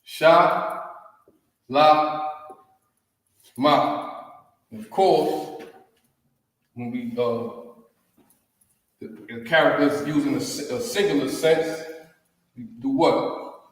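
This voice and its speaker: A man's voice: mid-range voice, extremely slow, long pauses. A man with a Southern US accent teaching a language class, drawling and repeating words with "you know what I mean?", recorded from far off in a large echoey room. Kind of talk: language lesson at a whiteboard.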